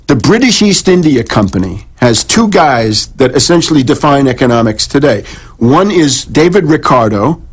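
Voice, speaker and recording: A man's voice: medium pitch, big pitch swings, normal speed, slightly rough. A man speaking as a guest on a radio interview, lecturing at length on history with frequent restarts and repeated words.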